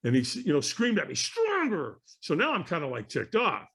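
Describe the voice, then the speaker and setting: A man telling an animated story as a guest on an interview podcast, acting out the voices of people in it. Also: fairly high pitch, quick pace, vocal fry, husky.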